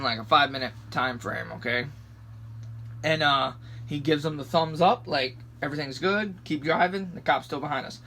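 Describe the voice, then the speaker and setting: A man's voice: fairly high pitch, bright, forceful tone, slight background noise. Profane, fired-up young man. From rural United States. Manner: profane, heated retelling. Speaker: storyteller. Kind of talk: casual storytime.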